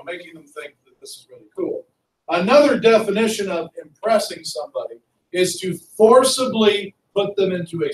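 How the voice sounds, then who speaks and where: Lively male teacher in echoey classroom. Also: high-pitched, recorded from a distance. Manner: lively, conversational, asks students questions. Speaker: history teacher. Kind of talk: classroom lecture.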